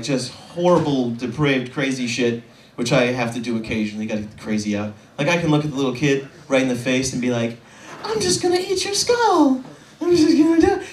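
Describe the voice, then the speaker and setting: Rambling young man doing stand-up, roomy and distant. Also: mid-range voice. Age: 20s. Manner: rambling, self-deprecating, halting with fillers. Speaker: stand-up comedian. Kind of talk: stand-up set.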